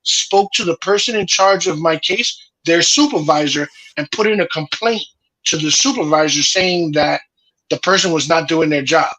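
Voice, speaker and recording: A man in a casual podcast chat, telling a heated, profane story with a husky voice. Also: a little high, moderate pace, bright, forceful tone, poor audio. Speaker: podcast host.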